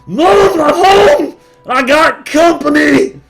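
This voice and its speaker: An eager young dwarf son who bursts through doors calling out, as a man puts him on. His voice is high, loud and chipper. A tabletop-game character. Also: expressive, a little slow, vocal fry, faint music behind, heavily acted, rough recording. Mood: excited.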